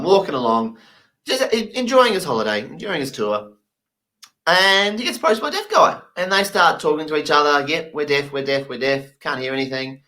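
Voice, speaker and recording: Animated man telling funny stories. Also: on the high side. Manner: animated, acts out the people in his stories. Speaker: comedian. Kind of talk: comedic storytelling.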